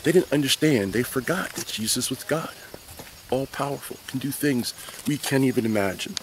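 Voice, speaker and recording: A man teaching Sunday school, telling a Bible story to children in an animated way and checking in with them. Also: mid-range voice, normal speed, a little hiss or hum. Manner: animated storyteller who keeps checking in with the kids.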